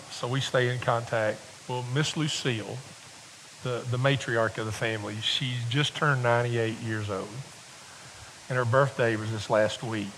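A man's voice: mid-range voice, fairly bright tone, a little hiss or hum, rough recording. A middle-aged man preaching a sermon in a folksy, rambling storytelling way, full of restarts and building to fervent exhortation. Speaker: visiting preacher.

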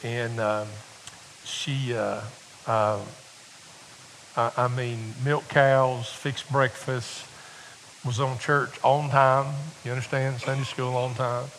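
A middle-aged preacher telling homespun stories from the pulpit, often restarting his words before pressing his point with fervour. His voice sits at a medium pitch, and a faint hiss runs under the recording. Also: level tone, slow pace, a bit bright, rough recording. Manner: folksy, rambling storyteller with many restarts, building to fervent exhortation. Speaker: visiting preacher. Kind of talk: sermon with personal storytelling.

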